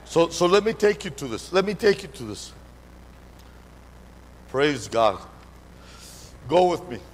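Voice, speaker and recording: A man's voice: fairly high pitch, sing-song, unhurried. A man preaching a live church sermon, fervent and repetitive, calling out to the congregation in a call-and-response way. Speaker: pastor. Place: church sanctuary. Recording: reverberant hall, faint background noise.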